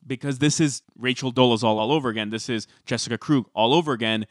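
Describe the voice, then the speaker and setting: A man co-hosting a podcast, chatting casually and telling stories with animated emphasis. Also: mid-range voice, quick pace, no echo, studio quality. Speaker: podcast co-host.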